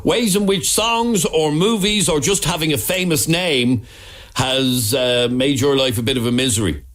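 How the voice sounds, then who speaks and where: A man's voice: on the high side, moderate pace, fairly bright tone. An Irish man hosting a phone-in radio talk show, joking and teasing his callers in a studio. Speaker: radio host.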